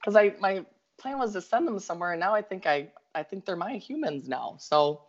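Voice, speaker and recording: A woman with a Minnesota accent telling a story in a casual chat, animated and quick to laugh. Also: medium pitch. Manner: animated, laughs often, talks in bursts. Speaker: guest storyteller. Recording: slightly dull lo-fi audio.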